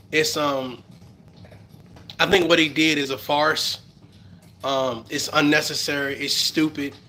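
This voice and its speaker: Heated Bronx man ranting on a livestream. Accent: New York. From the Bronx, New York. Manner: profane, heated, swings from low mutters to loud outbursts. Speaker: live-stream commentator. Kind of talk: ranting live-stream commentary.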